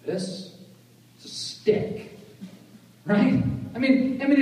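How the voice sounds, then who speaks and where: A man's voice: very high-pitched, takes it slowly, a little mellow. A man preaching a sermon as pastor, conversational and joking, often checking in with "right?". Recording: echoey hall, voice from far off.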